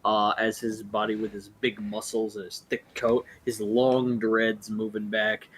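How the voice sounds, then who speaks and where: A man's voice: on the low side, monotone, unhurried, a bit bright, slight background noise. A man narrating as game master of a tabletop game, loose and full of fillers.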